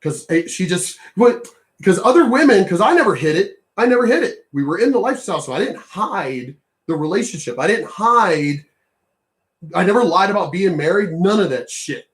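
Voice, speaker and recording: Male vlogger, high-pitched, profane repetitive ranting. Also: animated, moderate pace. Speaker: commentary vlogger. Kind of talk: ranting commentary on clips.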